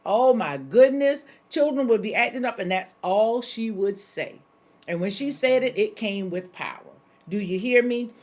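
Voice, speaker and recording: A woman's voice: mid-range voice, expressive, moderate pace, a little mellow. Folksy woman pastor preaching casually. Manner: folksy, talks straight to listeners, repeats key phrases. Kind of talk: conversational sermon.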